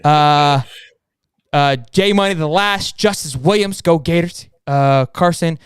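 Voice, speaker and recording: A young man co-hosting a live sports podcast, talking fast and hyped with plenty of slang. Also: on the high side, clear, resonant tone, no room sound, clean studio sound. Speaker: podcast co-host.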